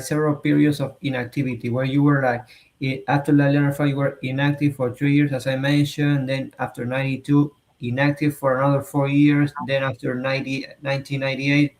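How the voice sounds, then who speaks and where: A man hosting a casual interview, asking halting questions with restarts and reacting with short sounds. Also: medium pitch, rough recording. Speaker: interview host.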